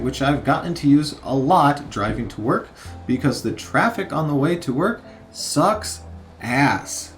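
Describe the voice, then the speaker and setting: A man in his thirties casually narrating a learning game, halting with many fillers as he sounds out vocabulary. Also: mid-range voice. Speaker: streamer learning Japanese.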